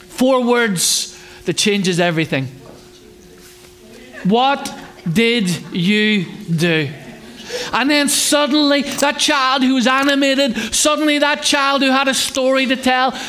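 A man preaching a conversational sermon with humour, asking his congregation rhetorical questions and acting out children's voices. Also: sharp tone. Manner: acts out children's voices in a higher pitch. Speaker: pastor.

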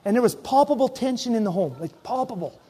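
A middle-aged man preaching from the pulpit as pastor, his voice sitting high for a man. He tells personal stories with energy, acting out his own inner voice and the other people in them. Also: fast talker, slightly rough. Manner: animated storytelling, acts out his own inner voice. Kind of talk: sermon.

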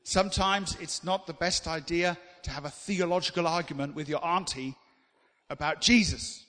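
A man preaching a sermon, animated and swinging between loud emphasis and quiet asides. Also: on the high side, moderate pace. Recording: long hall reverb.

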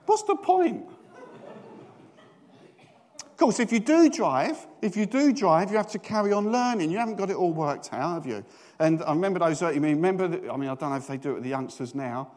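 Chatty British preacher, higher voice. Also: male voice, lively intonation, fast talker, darkish tone. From Britain. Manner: chatty, self-mocking, asks the congregation questions. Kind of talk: storytelling sermon.

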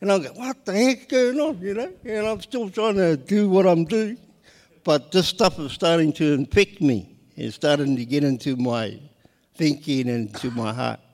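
Middle-aged kiwi guy telling his story, bit high voice, laughs a lot, echoey hall. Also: normal speed. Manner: lively, laughs often while telling. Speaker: guest sharing his testimony. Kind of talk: personal storytelling.

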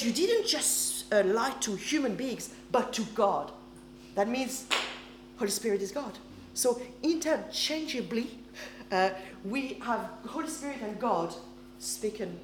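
Here the same sermon setting returns: a woman with a high-sitting voice preaches emphatically in non-native English, often checking on her congregation. The church hall echoes, and there is slight background noise.

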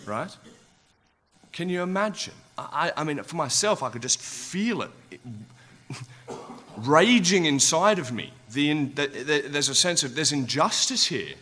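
Slow, bright-voiced male preacher. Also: fairly high pitch, lively intonation. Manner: rhetorical questions to the listeners, growing impassioned. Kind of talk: sermon.

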